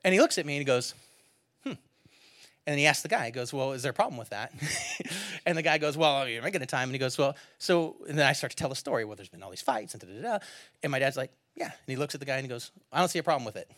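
A man preaching a sermon to a congregation, telling a personal story and building to loud, animated calls to the listeners. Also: mid-range voice, quick pace. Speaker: pastor.

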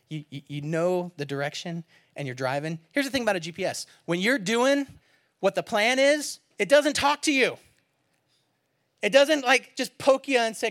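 High-voiced animated preacher man. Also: moderate pace. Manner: animated, swings from hushed near-whispers to loud emphatic bursts; conversational, with rhetorical questions. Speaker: pastor. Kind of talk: sermon.

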